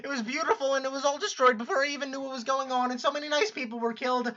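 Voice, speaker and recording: A woman's voice: rapid-fire, pushed and bright, lo-fi sound. A woman voicing a grief-stricken, dog-like sprite girl who sobs and pleads in a cracking voice during a live-stream comic reading. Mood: anguished. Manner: sobbing, pleading, voice cracking high. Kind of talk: live-stream read-aloud of a web comic.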